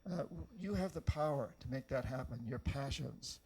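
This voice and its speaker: A man's voice: medium pitch, lively intonation, normal speed, darkish tone, breathy edge. An older man from New Hampshire giving a rousing speech, telling stories and firing questions at the audience. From New Hampshire, USA. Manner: storytelling, rousing, addresses the crowd with questions. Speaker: author giving a talk. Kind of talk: motivational speech to a live audience.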